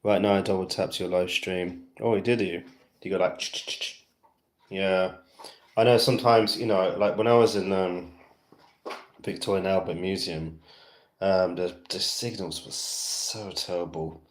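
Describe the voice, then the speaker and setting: His voice sits low, with a steady tone and a slightly slow pace, in a reverberant space. He's a West London man with a British accent, chatting on a livestream. He rambles amiably with plenty of fillers, amused at himself.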